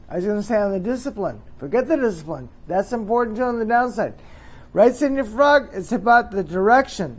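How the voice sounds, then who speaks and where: A middle-aged man hosts a joking mock interview, rambling and teasing with chuckling asides. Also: high-pitched. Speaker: host.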